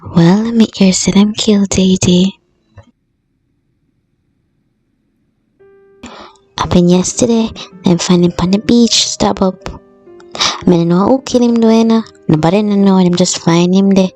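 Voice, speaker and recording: A woman's voice: medium pitch, fairly even intonation, normal speed, warm tone, faint music behind, lightly acted. A young woman with a Jamaican accent voicing a blunt, scornful sister in a cartoon, with a harsh, dismissive way of talking. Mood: gossipy. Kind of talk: cartoon voice acting.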